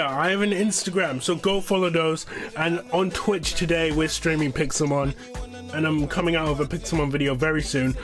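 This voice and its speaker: Young guy rambling over background music. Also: a little high. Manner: rambling, swearing, tripping over words. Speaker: YouTuber. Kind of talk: casual storytime narration.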